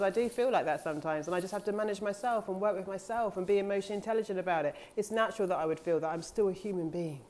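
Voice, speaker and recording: A woman's voice: medium pitch, rapid-fire, few pauses, darkish tone. A woman life coach talking casually and earnestly to her audience, candid and now and then swearing, acting out her own past thoughts in quoted asides. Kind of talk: casual motivational monologue.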